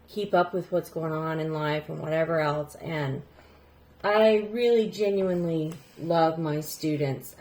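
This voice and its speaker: A teacher in her thirties tells a personal story earnestly and in a rambling way, her voice often sinking soft and low.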